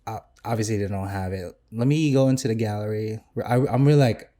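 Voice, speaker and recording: A man's voice: lowish voice, brisk, warm tone. A young man, a chef co-hosting a podcast, talking casually and enthusiastically with lots of fillers and restarts.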